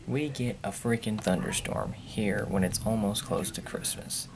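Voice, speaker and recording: A man rambles through a casual home vlog, grumbling offhandedly. His voice is gravelly with plenty of fry. He talks at an unhurried, drawn-out pace. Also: lowish voice, noisy background. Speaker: vlogger. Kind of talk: casual chat. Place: at home indoors.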